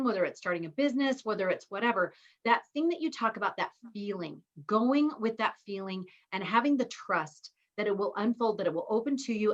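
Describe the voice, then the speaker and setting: A woman's voice: on the high side, a bit bright. A woman hosting an interview, speaking in an enthusiastic, reflective way. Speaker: podcast host, interviewer. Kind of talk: interview conversation. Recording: dull lo-fi audio.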